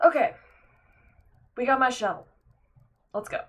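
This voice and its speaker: Husky-voiced young woman streaming casually. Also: on the high side, expressive, unhurried, a bit bright. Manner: rambling, filler-heavy, laughs often, talks to chat. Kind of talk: casual gameplay live stream chat.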